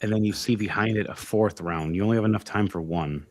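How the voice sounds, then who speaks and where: A man narrating as game master of a tabletop game, animated and halting with fillers. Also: fairly low pitch, slight background noise.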